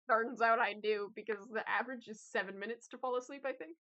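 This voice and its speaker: A woman's voice: fairly high pitch, brisk, bright, forceful tone. A young woman streamer chatting casually with her viewers, rambling with lots of fillers and laughs. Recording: slightly dull lo-fi audio.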